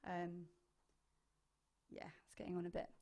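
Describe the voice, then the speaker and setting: A woman's voice: on the low side, monotone, unhurried, mellow. A woman choir leader teaching harmony parts online, chatty and enthusiastic, singing short phrases to demonstrate. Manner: enthusiastic, hesitant fillers.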